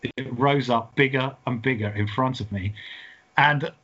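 A man co-hosting a comedy podcast, telling an odd story in an animated way and often laughing as he talks. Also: mid-range voice, measured pace. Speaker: podcast co-host. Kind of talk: comic storytelling. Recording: dull lo-fi sound.

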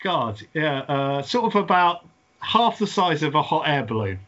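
A man co-hosting a comedy podcast, telling an odd story in an animated way and often laughing as he talks. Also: a little high, a little slow. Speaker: podcast co-host. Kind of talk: comic storytelling. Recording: dull lo-fi sound.

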